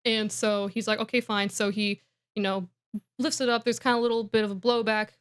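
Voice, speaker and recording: A woman's voice: mid-range voice, flat delivery, a little fast, smooth. A woman co-hosting a podcast, casually recapping a book as a rambling storyteller with lots of fillers. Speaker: podcast co-host.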